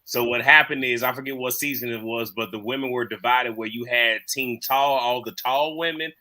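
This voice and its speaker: Male panelist, bright mid voice, casual hesitant explaining. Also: mid-range voice, moderate pace, poor audio. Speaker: panelist on a reality TV panel show.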